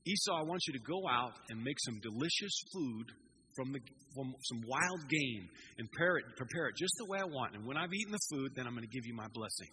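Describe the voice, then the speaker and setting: A man's voice: medium pitch, expressive, a little fast, noisy background, lightly acted. A man voicing a shocked old blind father.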